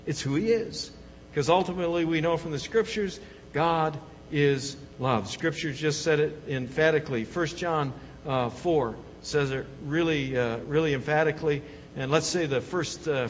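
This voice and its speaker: A man's voice: fairly high pitch, normal speed, slight background noise. A man preaching a sermon as a pastor, emphatic and repetitive in his cadence. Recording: dull, long hall reverb.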